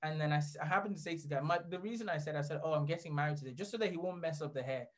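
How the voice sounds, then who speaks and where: A man telling a story as a guest in a casual chat, rambling and animated, often laughing as he talks. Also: a little high, rapid-fire.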